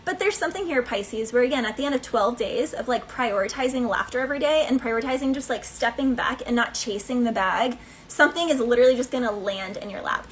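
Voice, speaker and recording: Chatty high-voiced woman giving a reading. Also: fast talker, slight background noise, poor audio. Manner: chatty, playful, laughs between thoughts. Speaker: tarot reader. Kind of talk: casual channeled tarot reading.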